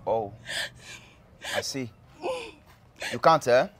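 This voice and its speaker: A man's voice: medium pitch, animated, drawn-out words, fairly bright tone, exaggerated voice. A man playing a cruel, spiteful husband who threatens his pregnant wife, taunting with mocking questions. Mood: menacing. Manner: taunting, menacing, tag questions "eh?". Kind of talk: web skit drama acting.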